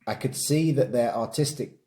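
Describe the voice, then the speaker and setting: A man with a warm, mellow voice at a middling pitch hosts a relaxed podcast interview. He mostly adds short, agreeable comments and the odd longer thought. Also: moderate pace. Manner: brief, agreeable backchannel remarks. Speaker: podcast host. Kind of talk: casual interview.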